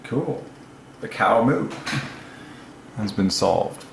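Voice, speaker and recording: A man hosting his own channel, talking alone in a casual, excited way, musing aloud and laughing to himself, recorded on a lapel mic. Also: on the low side, drawn-out words, gravelly, roomy sound, noisy background. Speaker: religious channel host. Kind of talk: solo casual commentary.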